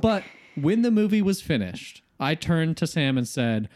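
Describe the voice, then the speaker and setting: Man with a slightly high voice. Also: sing-song, a little mellow. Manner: storytelling, halting with fillers. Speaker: podcast co-host. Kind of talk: casual film review chat.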